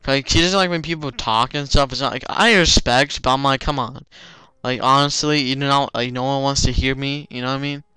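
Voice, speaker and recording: Bright, clear young man rambling over gameplay. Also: medium pitch, steady tone, a little fast, few pauses, dry recording. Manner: rambling, filler-heavy, lots of "like". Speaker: let's play commentator. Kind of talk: casual game commentary.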